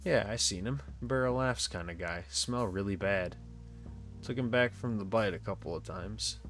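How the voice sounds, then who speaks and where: A man's voice: on the low side, moderate pace, fairly bright tone, soft background music, lightly acted. A man voicing a cheerful, chatty family man in a game, telling long rambling jokes. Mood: gossipy. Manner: rambling jokey storytelling.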